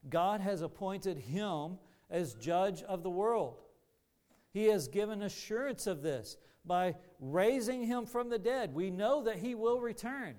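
Slow, resonant male preacher. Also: high-pitched, animated, darkish tone. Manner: earnest, deliberate preaching with rising emphasis. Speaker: pastor. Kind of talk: sermon.

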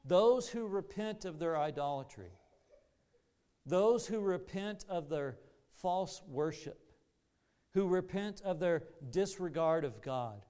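A man preaching a sermon to a congregation in an earnest, deliberate manner with rising emphasis. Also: high voice, animated, warm tone, clean tone. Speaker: pastor.

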